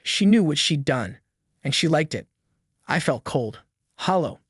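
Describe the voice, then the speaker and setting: A male narrator reading a first-person drama in a somber, earnest tone. His voice sits fairly high for a man. The sound is dry and close, with no room. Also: expressive, measured pace, slightly rough, dry recording.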